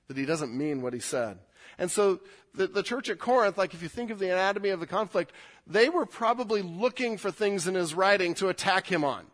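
A man, a pastor, preaching a verse-by-verse sermon, often climbing high and loud as he explains. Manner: animated, rises sharply in pitch and volume when explaining.

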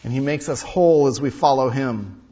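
A male pastor preaching a sermon, emphatic, repeating key lines and swinging between loud and hushed delivery. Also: mid-range voice, normal speed, slightly rough. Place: large hall or sanctuary. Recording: dull sound with long hall reverb.

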